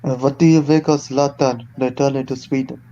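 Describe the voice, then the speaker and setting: A man's voice: medium pitch, steady tone, brisk, warm tone, lo-fi sound. A man chatting casually and teasing on a football stream. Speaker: co-host on stream.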